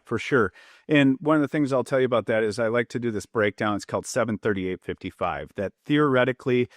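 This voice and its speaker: His voice is lowish yet fairly bright, carrying an Upper Midwest American accent. A public safety trainer who used to be a police officer, he explains ideas in a podcast interview and acts out quoted lines to illustrate tone, captured at studio quality with no room sound.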